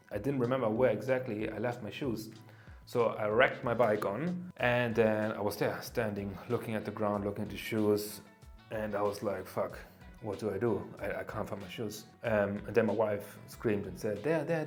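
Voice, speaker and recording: A man narrating his race day in a plain, matter-of-fact vlog voice-over, with some fillers. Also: fairly low pitch. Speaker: vlogger recounting his race.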